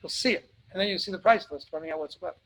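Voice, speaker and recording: A man's voice: high-pitched, fast talker, fairly bright tone, poor audio. A man hosting a live webinar, answering audience questions in a blunt, emphatic way and repeating points for stress.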